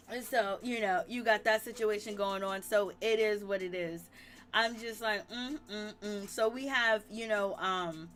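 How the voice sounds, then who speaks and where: Female live-stream host, high voice, animated gossip recap full of laughter. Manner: animated, laughs often, exclaims "Lord". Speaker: reality TV commentary host.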